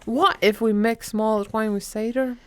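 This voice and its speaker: Tipsy woman co-host, giggly and loud, swears freely, casual podcast chat. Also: on the high side, steady tone, normal speed, smooth.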